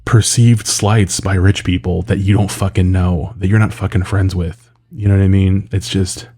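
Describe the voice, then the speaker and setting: A man's voice: low voice, level tone, moderate pace, warm tone, husky. A man giving an exasperated, sarcastic and profane rant in casual commentary, full of filler words.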